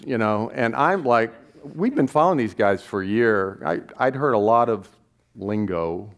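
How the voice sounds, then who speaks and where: A man with a somewhat low voice tells a long anecdote at a live gathering. He slips into the voices of the people in the story as he goes, loose and conversational, with many restarts. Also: a little slow. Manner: animated anecdote, acting out quoted voices. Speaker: documentary filmmaker. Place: stage at a live event.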